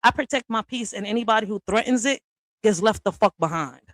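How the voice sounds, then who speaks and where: A woman's voice: mid-range voice, brisk, no echo. Woman streamer, tough-talking and profane, in a dry, close recording. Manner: blunt, profane, confrontational. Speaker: livestream host. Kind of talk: ranting monologue to viewers.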